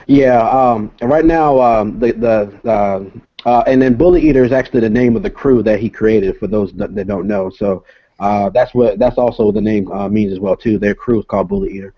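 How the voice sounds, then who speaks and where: Speaking low over a video call, a man who is a guest and comic creator explains things casually and haltingly, filling gaps with lots of filler sounds. The call audio is dull and lo-fi, with a dry, close sound.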